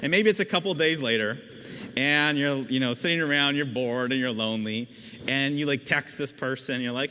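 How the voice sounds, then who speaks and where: A man in his thirties giving an energetic, casual talk on stage, acting out quoted voices and using slang. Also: mid-range voice, a little fast, slight background noise. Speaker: speaker giving a talk on persuasion. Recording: reverberant hall, faint ambience.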